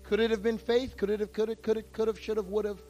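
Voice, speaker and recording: A man preaching a sermon to his church, his voice moving between hushed, intimate passages and loud, impassioned outbursts. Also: high-pitched, flat delivery, fast, soft background music. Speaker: pastor.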